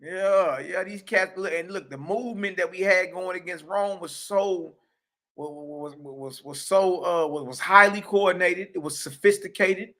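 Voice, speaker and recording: A man's voice: high voice, moderate pace, bright, forceful tone. A man giving an informal religious history lesson with an emphatic, streetwise, repetitive delivery. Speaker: teacher.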